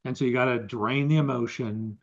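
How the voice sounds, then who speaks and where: Guy on a podcast talking it through, gets lively, kinda dull lo-fi sound. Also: mid-range voice, a little fast, gravelly. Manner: animated, explains with examples and quotes. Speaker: podcast co-host. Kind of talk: casual conversation.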